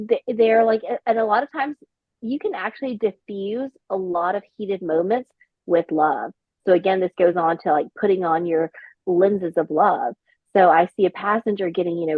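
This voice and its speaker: A woman's voice: medium pitch, dry recording. Woman flight attendant rambling thru stories, lots of likes and you knows, dry slightly dull audio. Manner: rambling, filler-heavy storytelling. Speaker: flight attendant, podcast guest. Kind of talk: casual chat.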